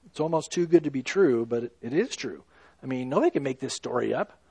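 A man preaching a sermon in an earnest, emphatic way, swinging between loud stresses and hushed, slow lines. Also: medium pitch, expressive, vocal fry, husky, no echo. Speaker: pastor.

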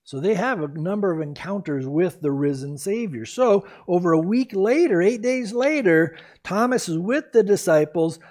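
A man's voice: sits high, expressive, moderate pace, hardly any pauses, darkish tone. Earnest man preaching a sermon. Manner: earnest, exhorting, emphatic preaching. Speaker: pastor.

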